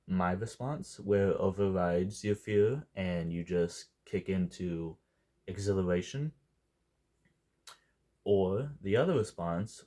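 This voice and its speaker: A man's voice: low-pitched, mellow. A young man giving a casual, unscripted movie review, rambling and jokey and wandering off on tangents.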